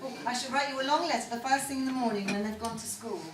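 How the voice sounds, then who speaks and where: A woman playing a gentle caring wife. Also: a little high, fast talker, close to an everyday voice. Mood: soothing. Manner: soothing, reassuring. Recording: echoey room, distant mic, faint noise.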